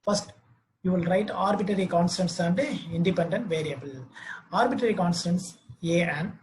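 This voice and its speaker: A man gives a math lecture, reading out definitions and equations slowly with hesitant fillers. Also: high voice, darkish tone, a little hiss or hum, low-quality recording.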